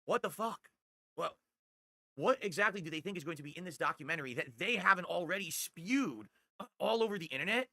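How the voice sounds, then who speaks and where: A man's voice: high voice, expressive, brisk, vocal fry, sharp tone, no room sound. A man hosting his livestream, talking into a desktop condenser mic at home and ranting in a brash, boastful way. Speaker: streamer host. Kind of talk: casual podcast-style livestream monologue.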